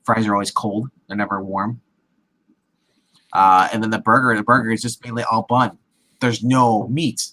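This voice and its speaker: A man's voice: on the low side, fairly even intonation, moderate pace, pushed and bright, poor audio. A man casually retelling a film scene with many restarts and acted-out quotes, as a movie show co-host. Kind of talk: casual movie recap chat.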